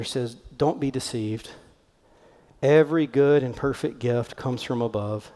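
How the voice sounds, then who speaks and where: A man, a pastor telling a story in a sermon, animated and conversational, acting out the voices he quotes. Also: mid-range voice. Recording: long hall reverb.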